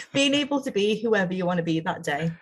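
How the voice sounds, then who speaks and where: A woman's voice: mid-range voice, lively intonation, brisk, slightly rough. A woman improv performer being interviewed, chatting eagerly and laughing often. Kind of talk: casual chat.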